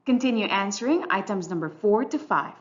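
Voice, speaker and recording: A woman teacher giving a clear, measured, scripted English lesson narration. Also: medium pitch, lively intonation, lo-fi sound. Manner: clear, instructional, measured delivery.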